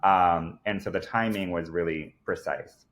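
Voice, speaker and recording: A podcast guest with a low-pitched, fairly bright voice tells a personal story, keeping a steady tone and an unhurried pace. He is earnest and emphatic, leaning on lots of fillers like "like" and "I kid you not."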